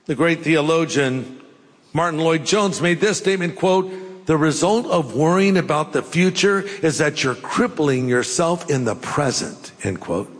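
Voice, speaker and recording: An older man preaching a sermon, telling folksy stories with jokes and pauses. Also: fairly high pitch, animated. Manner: folksy, jokey storytelling with pauses. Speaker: pastor. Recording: long hall reverb.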